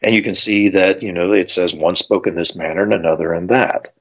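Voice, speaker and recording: A man's voice: low-pitched, steady tone, a little fast, fairly bright tone, breathy edge. A man teaching about the Bible in a conversational way, thinking aloud with fillers, on a dull lo-fi recording. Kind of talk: explanatory Bible teaching talk.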